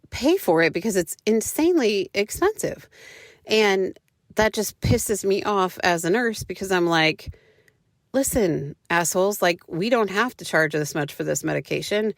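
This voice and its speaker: A woman's voice: low voice, gravelly, dry recording, clean studio sound. A woman, likely in her thirties, hosting a podcast and telling a personal story in a frank, chatty way, with many fillers and casual swearing. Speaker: podcast host.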